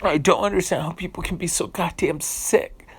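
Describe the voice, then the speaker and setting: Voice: medium pitch, steady tone, normal speed, background noise. Indignant vlogger ranting with swearing. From United States. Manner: indignant, swears freely, repeats phrases while searching for words. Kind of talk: emotional unscripted rant.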